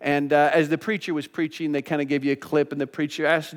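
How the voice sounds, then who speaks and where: A male pastor preaching a sermon, pleading and emphatic, dropping at times to a quiet, intimate tone. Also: a little high, fairly quick, vocal fry, hardly any pauses. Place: church sanctuary. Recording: long church reverb.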